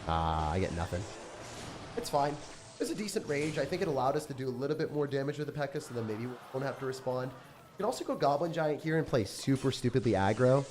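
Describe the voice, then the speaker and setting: Chatty young man's excitable gameplay commentary. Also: medium pitch, fast talker, background noise. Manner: chatty and excitable, joking and laughing often, slangy. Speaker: gaming channel host. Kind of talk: casual live gameplay commentary.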